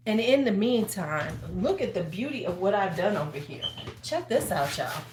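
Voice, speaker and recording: A woman's voice: mid-range voice, very animated, normal speed, background noise. A woman in her fifties hosting a casual livestream from home, chatty and sassy, handing out advice like a big sister. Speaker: host. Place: large room at home. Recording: roomy echo.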